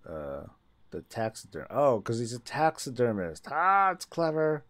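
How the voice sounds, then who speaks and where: A man's voice: mid-range voice, big pitch swings, measured pace, a bit bright. A man chatting casually on a gaming livestream, rambling, restarting his sentences and laughing often.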